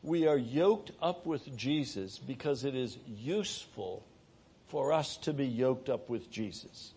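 A middle-aged man preaching a sermon, moving between raised, urgent delivery and hushed, soft passages. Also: mid-range voice, unhurried, husky.

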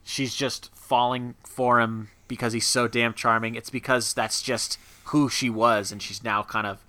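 A man co-hosting a casual movie review chat, joking and acting out characters in quick asides. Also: mid-range voice. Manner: animated, jokey, acts out characters in quick asides.

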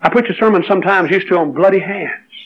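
High-voiced preacher on a dull recording. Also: male voice, quick pace, slight background noise. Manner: emotional storytelling, rising to fervent exhortation. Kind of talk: sermon.

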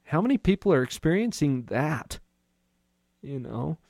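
A man with a fairly high voice hosts an interview show and talks in a reflective, unhurried way. He often turns to address the listeners directly. His voice sounds close and dry, with no room echo. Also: big pitch swings, creaky, a little mellow, husky. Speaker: podcast host, doctor. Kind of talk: casual interview talk.

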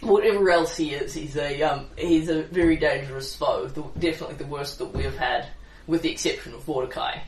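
A player speaking in character as a weary adventurer in a tabletop game, measured and earnest. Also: mid-range voice, natural voice. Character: tired noble adventurer, resolute. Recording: roomy, distant mic, faint noise.

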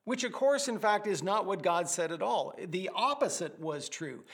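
A pastor preaching a sermon, animated and vivid, with vivid word pictures and humorous asides. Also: male voice, high-pitched, moderate pace.

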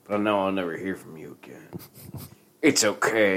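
Male podcast co-host with a low, animated voice who reads posts in a teasing, drawn-out way. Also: creaky. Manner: playful, drawn-out mock readings. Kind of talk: casual chat, reading posts aloud.

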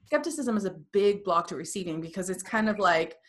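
Energetic woman coaching on a podcast. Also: medium pitch, fairly quick. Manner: energetic, acts out quoted voices. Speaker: guest coach. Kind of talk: podcast interview.

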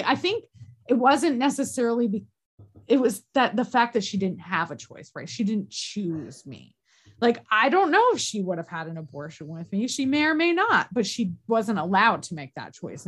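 A woman speaks in a candid podcast conversation at a middle pitch. She sounds earnest and emotional. Her delivery halts often, with restarts and fillers.

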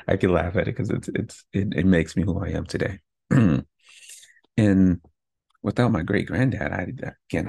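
Low gravelly man, hyped podcast talk. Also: warm tone, dry recording. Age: adult with kids. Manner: candid, pumped-up self-talk with frequent "right?". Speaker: podcast host. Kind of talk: motivational podcast monologue.

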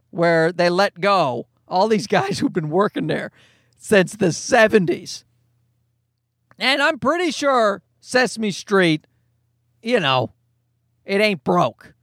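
A man telling a comedic rant with a profane, exasperated, animated delivery. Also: high-pitched, slow, pauses often, dry recording, studio quality. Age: adult parent.

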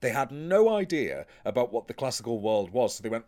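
Man, actor, casual podcast chat, animated and foul-mouthed, very lively pitch. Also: brisk. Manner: animated, blunt and profane.

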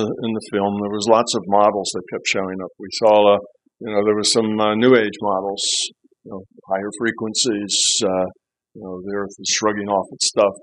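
A man's voice: lowish voice, poor audio. A man who is a physicist answering an audience question, explaining patiently and often saying "you see" and "you know". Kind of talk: live Q&A explanation.

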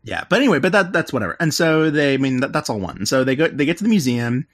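A man's voice: medium pitch, very animated, fast, no room sound, studio quality. A man co-hosting a casual podcast, retelling movie scenes in a rambling way and acting out the characters' lines as he goes. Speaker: podcast co-host. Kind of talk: casual chat recapping a film.

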